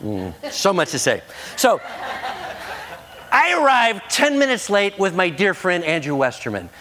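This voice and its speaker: Animated man preaching, acting out his story. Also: sits high, a little slow. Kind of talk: sermon with storytelling.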